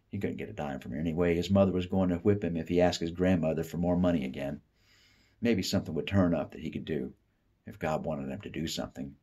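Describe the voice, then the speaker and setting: A man from the Appalachian South giving a steady, unhurried literary reading of a short story. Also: sits low, slightly rough. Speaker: author reading fiction.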